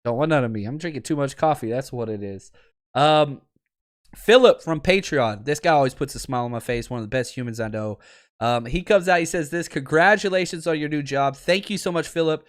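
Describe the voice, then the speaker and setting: A man's voice: on the high side, brisk. Fired-up fan podcast host, man. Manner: fired-up, animated fan ranting, then laid-back reading of chat. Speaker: high school football coach. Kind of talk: livestream podcast talk with chat shout-outs.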